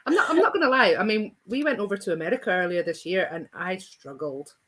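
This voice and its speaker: A Scottish woman chats casually, hesitant and repeating words as she starts sentences. Her pitch rises and falls a lot. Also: expressive, quick pace, fairly bright tone. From Scotland. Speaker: festival team member. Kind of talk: casual video chat.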